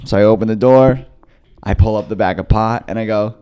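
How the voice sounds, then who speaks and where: A young man co-hosting a comedy podcast, telling a story in a casual, animated way and acting out the voices of the people in it. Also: lowish voice, brisk, clear, resonant tone. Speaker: podcast co-host.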